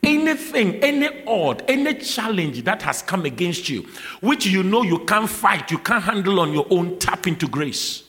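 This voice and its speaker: A man preaching a sermon emphatically, repeating key phrases and building to shouts. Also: high-pitched, big pitch swings, moderate pace, slightly rough. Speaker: pastor. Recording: long reverb of a large hall.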